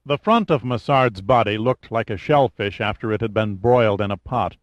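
A man reading an audiobook in a measured storytelling manner, in a dull lo-fi recording. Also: lowish voice, no echo. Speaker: audiobook narrator. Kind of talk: scripted narration.

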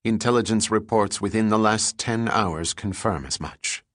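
A man voicing a stern male commando officer with a crisp, clipped Hebrew accent, speaking slowly and with command. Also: on the low side, a bit bright, no echo, studio quality, natural voice.

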